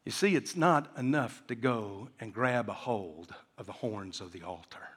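A man's voice: on the low side, animated, a little slow, a bit bright, husky. Preaching man in a reverberant church. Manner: preaching, acting out quoted voices. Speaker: pastor. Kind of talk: sermon. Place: church sanctuary.

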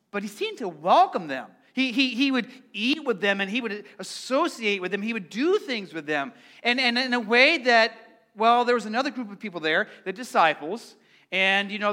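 Guy preaching to his church, high-ish voice, chatty, keeps talking to the crowd. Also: sharp tone. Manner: conversational, repeats words, engages congregation. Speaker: pastor. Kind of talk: sermon.

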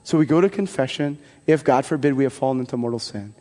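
A man preaching a homily as a priest, in a conversational and animated way with folksy asides. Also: mid-range voice, fast talker. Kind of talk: sermon. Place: church. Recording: long church reverb.

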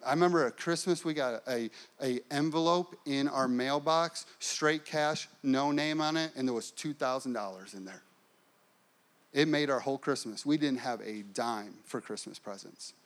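A man preaching a sermon as pastor, telling a personal story with lively acted-out quotes. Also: medium pitch, unhurried.

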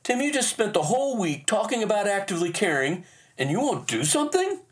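A man's voice: mid-range voice, huge pitch swings, fast, far from the mic. A man raising his voice to play his earnest wife, who urgently presses him to act. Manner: urgent, pleading.

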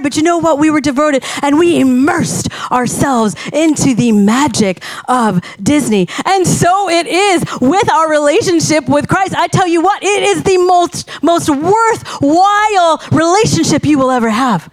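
A middle-aged woman pastor preaching a sermon, telling a story with emphatic repetitions and lively momentum. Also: sits high, measured pace, hardly any pauses.

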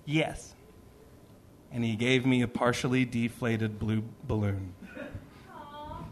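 A man's voice: medium pitch, normal speed, slight background noise. A man reading a personal story to a live audience, acting out the voices he quotes. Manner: animated, acts out quoted voices.

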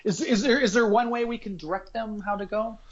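A man's voice: high-pitched, fairly even intonation, brisk, muffled recording. A man co-hosting a podcast, goofy and playful in casual chat. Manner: goofy, playful, jokes around. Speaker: podcast co-host.

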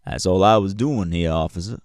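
A man's voice: sits low, brisk, dry recording, clean studio sound, lightly acted. A man voicing a laid-back male fire genasi bodyguard who talks in a casual, offhand way.

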